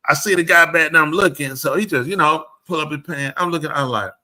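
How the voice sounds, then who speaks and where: A slightly high-voiced man, a fast talker, tells stories in casual chat at a live show studio. He's animated and acts out the quoted exchanges.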